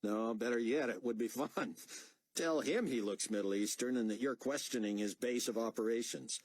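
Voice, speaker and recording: A man's voice: mid-range voice, moderate pace, no room sound, voice pushed up, natural voice. A man voicing a blunt, clipped, exasperated adult male pilot.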